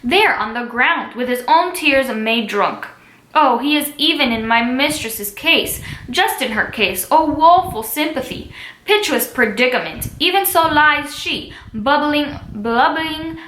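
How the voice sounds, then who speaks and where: Lady reading a stern old friar scolding a young guy, bright sharp voice, echoey room. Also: high-pitched, animated, measured pace, slight background noise. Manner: read aloud from the play, earnest. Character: older male friar, stern and counseling.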